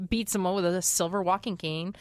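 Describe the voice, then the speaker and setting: A woman's voice: fairly low pitch, fairly even intonation, normal speed, smooth, no room sound, clean studio sound. A woman co-hosting a casual movie chat, rambling through her thoughts with lots of fillers and laughing often. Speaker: co-host.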